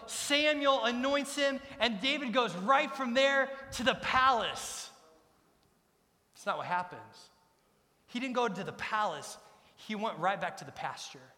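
In a church sanctuary, a middle-aged man preaches as pastor with an extremely high-pitched, sharp voice. He speaks emphatically, repeating his main lines, and the long reverb of a big church hall colors the sound.

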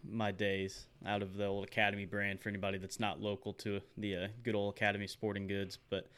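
A man's voice: lowish voice, completely flat delivery, a little fast, fairly bright tone, clear, resonant tone. A man from Texas, co-hosting a casual podcast in a chatty, self-deprecating way. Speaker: podcast co-host.

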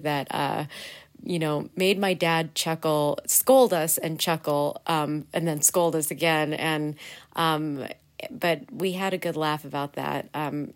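A woman hosting her own podcast, talking casually and earnestly with many fillers and small laughs. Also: low-pitched. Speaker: podcast host. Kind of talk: casual solo podcast talk.

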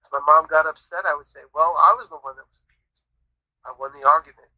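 Guy telling his faith story like a preacher, kinda high voice, dull lo-fi audio. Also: quick pace, dry recording. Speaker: guest sharing testimony. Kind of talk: conversational Christian testimony.

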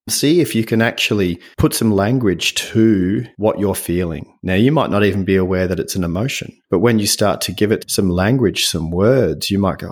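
A middle-aged man with a somewhat low voice speaks as a guest author in an interview. He talks in an earnest, gentle, reflective way. His stories come with lively energy. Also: moderate pace, hardly any pauses.

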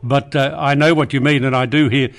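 Fields: Figure: veteran radio host, played by a man. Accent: Australian. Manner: dry, wry, unhurried. Pitch: mid. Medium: comedy radio sketch. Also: steady tone, natural voice.

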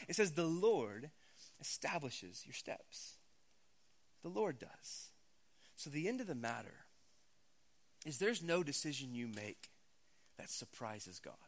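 A man's voice: fairly high pitch, sharp tone. A man in his thirties, a pastor giving a conversational, emphatic sermon.

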